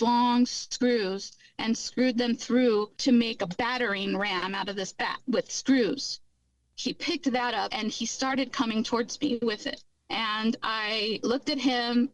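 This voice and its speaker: A woman's voice: a little high, measured pace, no room sound, poor audio. Earnest woman, close and dry. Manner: earnest and candid, recounting events in detail. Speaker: guest recounting her life. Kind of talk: personal testimony interview.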